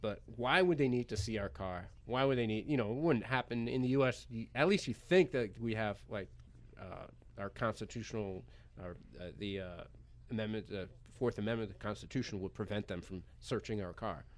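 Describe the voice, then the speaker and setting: An American man, a poker pro guest on a radio show, telling a story in an animated, chatty way and laughing as he goes. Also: lowish voice, a little fast. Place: radio studio.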